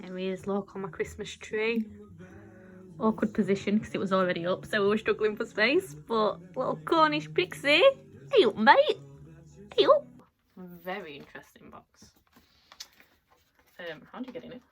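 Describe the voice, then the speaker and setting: A woman chatting casually as she unboxes items at home, excitable and quick to laugh. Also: medium pitch. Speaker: vlogger. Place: at home, in a bedroom.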